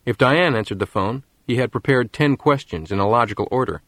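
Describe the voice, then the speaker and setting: A man narrating an audiobook at a middle pitch, steady and measured. The recording is dry and close, with no room sound. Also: dry recording. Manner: measured storytelling. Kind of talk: scripted narration.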